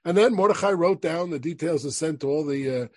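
Husky-voiced man teaching a Torah class. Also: fairly high pitch, a little fast, dry recording. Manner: reads Hebrew verses aloud then explains them, checks in with "right?". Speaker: rabbi teaching a weekly class. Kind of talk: lecturing on Jewish law from source sheets.

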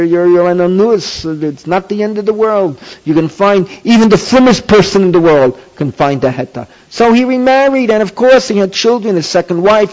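Emphatic high-voiced man lecturing. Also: a little mellow. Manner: emphatic, repetitive, rising to questions. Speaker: rabbi teaching a class. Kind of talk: Torah lecture. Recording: dull lo-fi tape recording.

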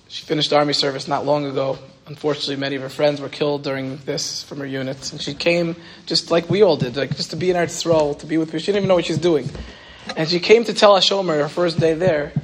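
A rabbi telling a story in an animated way, acting out the dialogue and saying "like" a lot. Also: male voice, on the high side, a little hiss or hum. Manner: animated storytelling, acts out quoted dialogue, frequent "like". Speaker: rabbi and teacher. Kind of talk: storytelling Torah talk.

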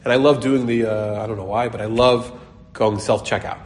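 A man's voice: mid-range voice, fairly even intonation, moderate pace, slight background noise. A middle-aged man giving a casual, joking Torah class, telling stories and acting out quoted voices, with Hebrew and Yiddish words mixed in. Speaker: Torah teacher.

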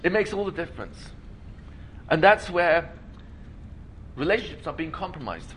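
A man's voice: fairly high pitch, very animated, normal speed, fairly bright tone, slight background noise. A man giving a lecture to an audience, often acting out little scenes in funny voices, asking rhetorical questions and laughing. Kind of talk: lecture at a learning day. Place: lecture at a school event, before an audience.

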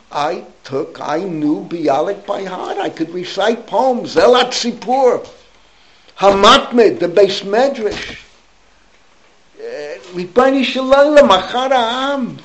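An older rabbi with a fairly high voice gives an informal Torah class, rambling through anecdotes peppered with Hebrew and Yiddish and calling on students by name. The audio quality is poor.

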